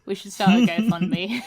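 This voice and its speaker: A woman playing a tabletop game on a podcast, giggly and teasing in casual banter. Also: medium pitch. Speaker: player.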